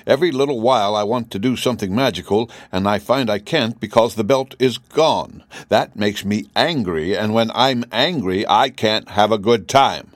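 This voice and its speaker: A man reading an audiobook voices a furious, bellowing male gnome king who shouts his commands. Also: on the low side, moderate pace, few pauses, no room sound, natural voice. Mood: grumbling.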